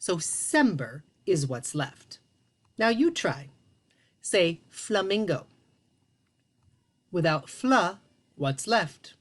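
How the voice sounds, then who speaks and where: A woman teaching a children's phonics lesson in an animated, encouraging way, drawing out each sound. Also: lowish voice. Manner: sing-song, animated, encouraging with drawn-out sounds.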